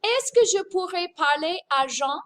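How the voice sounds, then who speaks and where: A woman's voice: very high voice, lively intonation, normal speed, fairly bright tone, voice pushed up. A woman voicing a polite little girl making a phone call in a language-lesson dialogue.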